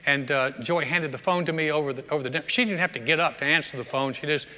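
A male pastor delivers a sermon in a high, bright voice, speaking conversationally and often doubling back to repeat his words. He is recorded in a large church sanctuary, where a long reverb trails after his lines. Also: quick pace. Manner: conversational preaching with frequent word repeats.

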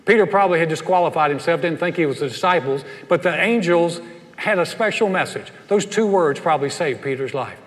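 A man's voice: on the high side, expressive, a little fast. A man from North Carolina preaching a sermon, telling stories in a folksy way and acting out the voices of the people in them. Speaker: pastor. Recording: long reverb of a large hall.

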